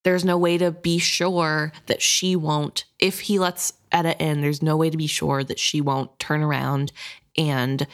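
A woman's voice: low voice, level tone, unhurried. A woman co-hosting a casual book discussion who talks through the characters in a thoughtful, analytical way.

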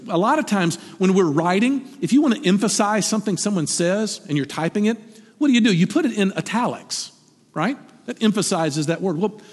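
A man preaching a sermon as pastor, animated and emphatic, swinging from high peaks down to low, quiet asides. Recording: long hall reverb.

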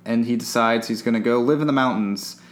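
A man with a middle-pitched voice joins a casual movie recap. He chimes in with relaxed, joking remarks. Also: a little fast. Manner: joking, laid-back interjections.

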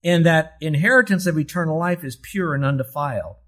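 An older man preaching a sermon as pastor, asking rhetorical questions and stretching key words slowly for emphasis. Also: on the high side, animated, a bit bright.

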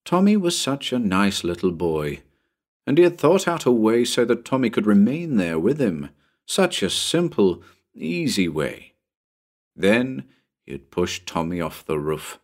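A man narrating a pulp story in a dramatic, expressive audiobook reading. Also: on the low side. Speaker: narrator and channel host.

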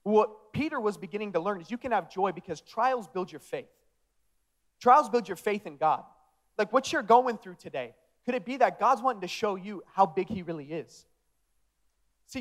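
A young man preaching a sermon with energy, acting out the disciples in casual modern speech. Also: high-pitched. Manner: energetic, acts out the disciples' dialogue. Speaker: pastor.

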